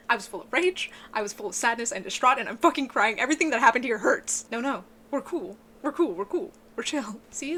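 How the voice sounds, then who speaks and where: An excitable woman giving an emotional, casual book review, swearing often and sounding tearful. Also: a little hiss or hum. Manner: excitable, swears a lot, voice breaks into high yelps.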